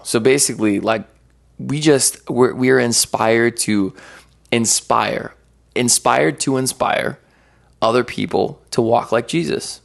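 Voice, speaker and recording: A man's voice: mid-range voice, gravelly. A man talking as a podcast guest in a fervent, rambling, slangy way about faith. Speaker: podcast guest, worship artist. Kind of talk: casual faith chat.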